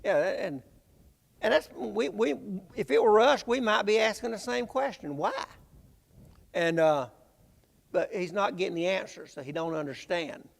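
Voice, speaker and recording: Gravelly preacher in a church. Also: male voice, high-pitched. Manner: halting, repeats words, conversational. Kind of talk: bible class sermon. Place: church sanctuary. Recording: reverberant church hall.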